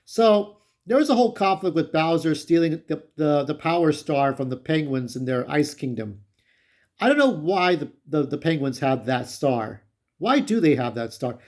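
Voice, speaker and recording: A man giving a casual, rambling spoken movie review, often restarting his sentences and jumping up when excited. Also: fairly high pitch, moderate pace. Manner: rambling, with frequent restarts and fillers.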